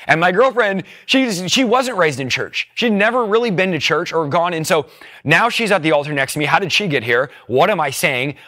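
A man's voice: a little high, expressive, moderate pace, pushed and bright. A young man telling his personal faith testimony, earnest and emotional, tearful as he speaks.

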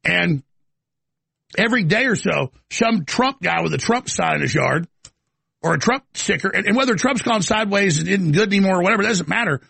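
A man's voice: high voice, lively intonation, brisk, vocal fry, sharp tone, slightly rough, no echo. A man hosting a live talk show, ranting with stammering restarts into a studio mic.

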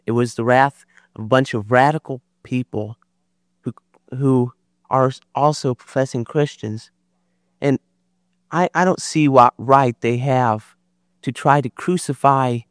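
A man making a sincere, halting comment from the audience in a public debate. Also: medium pitch, no room sound, studio quality. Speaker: audience member.

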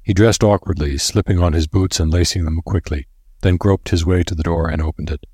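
A man narrating an audiobook with a steady, even reading. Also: low voice, fairly quick, breathy edge, no echo, studio quality.

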